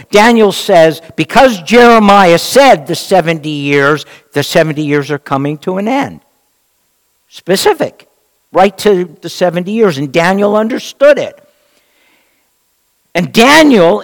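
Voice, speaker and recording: A man preaching a Bible-teaching sermon in an emphatic, rhetorical way, with dramatic pauses. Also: sits high, long reverb tail.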